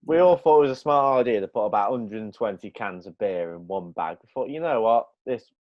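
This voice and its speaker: Laid-back lad, slightly dull mic. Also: male voice, on the low side, no echo. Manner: slow, laid-back storytelling, swears casually. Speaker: podcast co-host. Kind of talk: casual chat.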